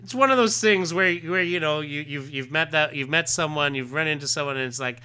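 A man's voice: on the high side, brisk, bright, forceful tone, clean tone. A Canadian man co-hosting a podcast, casually reading a comic aloud with fillers and sound effects. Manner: chatty, many fillers, acts out sound effects. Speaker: podcast co-host.

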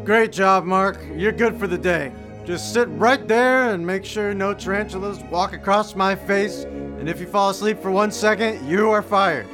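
A man doing a shrill bossy cartoon reporter. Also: moderate pace, music in the background, lightly acted. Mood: smug. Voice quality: high, yelling and bossy. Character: brash self-absorbed young male cartoon reporter. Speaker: field reporter. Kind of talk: cartoon voice acting.

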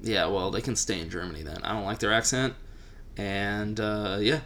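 Bright-voiced young Texan man, joking. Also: fairly low pitch, normal speed. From Texas. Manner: opinionated, joking, many fillers. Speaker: podcast co-host. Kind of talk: casual chat.

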